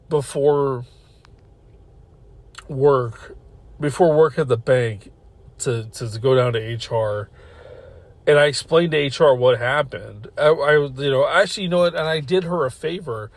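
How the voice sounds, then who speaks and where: A man's voice: fairly high pitch, dry recording. Profane rambling man telling a story. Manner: rambling, profane, self-interrupting, laughs while telling. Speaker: podcast host. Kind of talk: casual storytelling.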